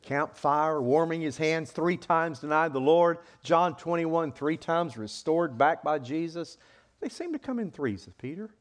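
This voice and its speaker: A man preaching a sermon in an animated way, acting out voices with sudden loud outbursts. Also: a little high, measured pace.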